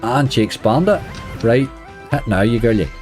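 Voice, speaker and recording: A man's voice: medium pitch, expressive, measured pace, a little mellow, faint music behind. A man with a Northern Irish accent giving chatty running commentary as a slots streamer, grumbling at the game and chatting to viewers.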